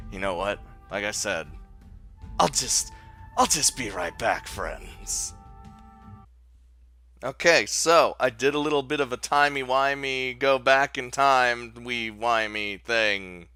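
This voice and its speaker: Playing through a visual novel, a male let's play host reads the text aloud in a slightly high, pushed and bright voice. His running commentary is relaxed and full of swearing and laughs, and he often stops mid-sentence and restarts.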